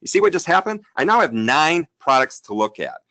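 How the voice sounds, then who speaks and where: Animated, salesy man hosting a webinar. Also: on the high side, fairly quick. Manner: upbeat, chatty, salesy, talks to the chat. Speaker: webinar host. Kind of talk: live sales webinar with a software demo.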